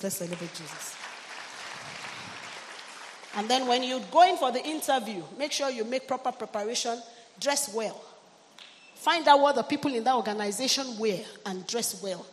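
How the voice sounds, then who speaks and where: A middle-aged woman pastor delivers a sermon in a high voice, pressing her congregation with calls for amen and hallelujah. Her voice rings with the long reverb of a big hall, with a faint hum of room noise underneath. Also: moderate pace, long pauses, a faint crowd. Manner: exhorting, call-and-response with the congregation.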